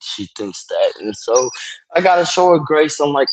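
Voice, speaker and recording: A man's voice: a little high, very animated, normal speed, no room sound, poor audio. A sleepy young man chatting live on a phone stream, yawning, rambling and apologizing, loose and profane. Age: young adult. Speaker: livestreamer. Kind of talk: casual live-stream chat.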